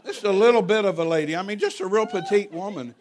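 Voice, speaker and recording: A middle-aged man preaches in a fairly high voice. He tells stories in a folksy, humorous, animated way, speaking as the pastor of his church. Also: fast talker, crowd noise, noisy background. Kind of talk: sermon with storytelling.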